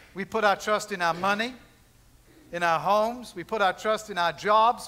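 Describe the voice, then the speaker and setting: A man delivers a sermon from the pulpit of a church. His voice sits high and rings bright and forceful. He talks in a conversational way, stacking up repeated phrases and tossing in asides to the congregation. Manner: conversational preaching with repetition and asides. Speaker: pastor. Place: church sanctuary.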